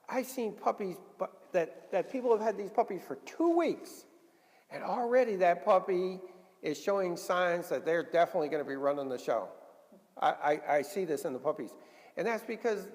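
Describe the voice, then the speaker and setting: A man's voice: a little high, a little mellow, in a large hall. A man teaching a dog obedience class, explaining step by step and often checking in with "okay?". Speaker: dog trainer.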